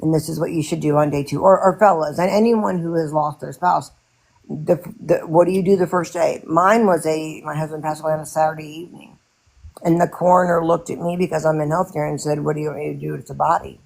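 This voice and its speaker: A woman talking casually in a live stream, telling her story in halting bursts with many restarts. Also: low voice, steady tone, gravelly, darkish tone, slightly rough. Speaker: podcast host and widow.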